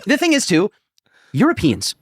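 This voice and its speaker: A man's voice: sits high, huge pitch swings, normal speed, husky, no room sound, studio quality. An American man ranting on a casual podcast, exaggerated and swearing, saying "bro" a lot. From United States. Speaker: podcast guest.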